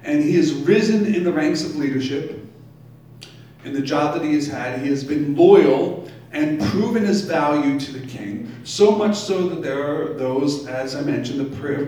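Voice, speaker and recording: A man's voice: on the high side, a little mellow. A male pastor reading scripture aloud and stopping to explain it in a sermon. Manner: reads scripture, then pauses to explain it. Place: brewery taproom. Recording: very echoey room, distant mic.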